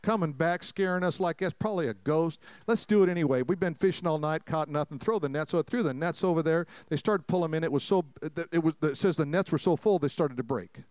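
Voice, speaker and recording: Folksy high-voiced preacher man, dry sound. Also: fast, few pauses, smooth, no room sound. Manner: folksy, jokey storytelling with acted-out quotes; swings between loud preaching and quiet asides. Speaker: pastor. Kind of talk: sermon. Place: church sanctuary before a congregation.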